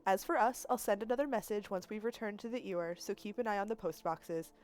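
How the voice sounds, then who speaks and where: Woman reading as a gentle guardian woman. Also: mid-range voice, quick pace, close to an everyday voice. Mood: tender farewell. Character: gentle older woman guardian giving farewell. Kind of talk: reading game dialogue aloud on stream.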